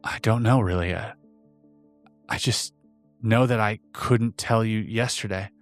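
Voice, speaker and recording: A man voicing a shaken colonel who talks in a hoarse, trembling, halting voice. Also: fairly low pitch, faint music behind. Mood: bewildered. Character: shaken older male colonel, stammering.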